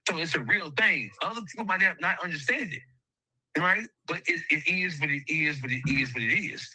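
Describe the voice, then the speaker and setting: A man's voice: fairly high pitch, expressive, moderate pace, bright, forceful tone, breathy edge, no room sound, low-quality recording. Blunt, emphatic man in an interview. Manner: blunt, emphatic, heavy cursing. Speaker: interview guest. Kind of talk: interview storytelling.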